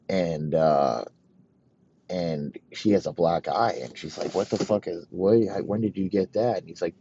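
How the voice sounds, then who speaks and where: A man telling a crude, rambling comedic story in a profane, deadpan way. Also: sits low, a little hiss or hum. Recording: dull lo-fi recording.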